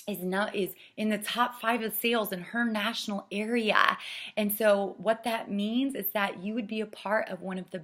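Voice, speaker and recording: A middle-aged woman coaching saleswomen, earnest and persuasive, dropping to a soft hush to stress a point. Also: medium pitch. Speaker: sales director training consultants. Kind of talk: coaching talk with acted sales pitch.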